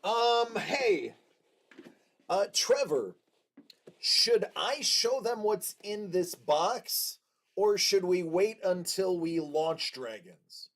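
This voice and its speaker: A man hosting a casual livestream, chatting with viewers in an unhurried way, with frequent restarts and fillers. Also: high voice, animated, fairly bright tone. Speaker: livestream host.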